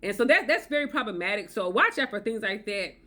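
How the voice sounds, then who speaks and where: A woman's voice: medium pitch, lively intonation, quick pace, sharp tone. A woman vlogging relationship advice to viewers, emphatic and repetitive, often checking in with "okay?". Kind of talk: direct-to-camera advice talk.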